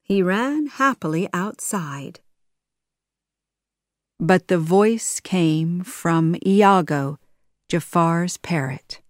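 A woman reading a storybook aloud in slow, careful narration. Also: fairly low pitch, dry recording, clean studio sound.

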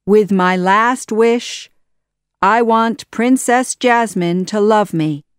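A woman reading aloud, voicing a scheming male sorcerer villain with a loud, threatening delivery in a storybook. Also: mid-range voice, slow, clean tone, no room sound, studio quality, pitched above the performer's own voice, lightly acted. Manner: threatening, gloating, raised voice.

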